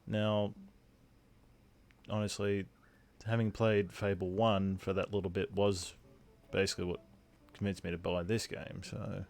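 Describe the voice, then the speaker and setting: Australian man, gravelly low voice, chatty game streamer, casual commentary. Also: level tone, a little slow, darkish tone. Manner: chatty, thanks viewers as he plays.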